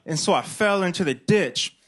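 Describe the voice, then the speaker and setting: Halting, deadpan thirty-something man. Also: high-pitched. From Illinois. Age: 30s. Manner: hesitant, mumbling, many fillers, deadpan. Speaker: comedian being interviewed. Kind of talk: slow halting comedy chat. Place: live comedy club stage.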